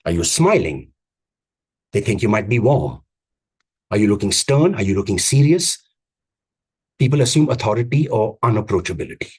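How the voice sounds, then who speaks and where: A man giving a live online coaching talk on vocal presence, speaking emphatically with repeated phrases and deliberate pauses. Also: fairly low pitch, sing-song, a little mellow, husky. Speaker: communications coach. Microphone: video call.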